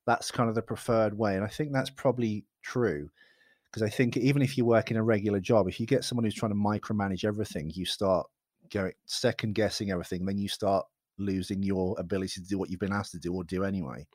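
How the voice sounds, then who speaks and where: A man's voice: lowish voice, steady tone, fast talker, darkish tone, no room sound, studio quality. A man, an actor, talking in a casual interview in a reflective, rambling way that often corrects itself. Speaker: actor guest.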